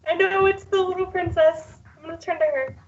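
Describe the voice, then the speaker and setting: Woman d&d player, joking and blunt, high voice, muffled mic. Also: fairly quick, slight background noise. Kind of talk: casual tabletop play.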